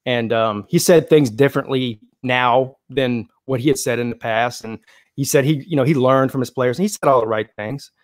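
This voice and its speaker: A man's voice: mid-range voice, no room sound, studio quality. A man co-hosting a casual chat, making his points emphatically. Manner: rapid, emphatic talker.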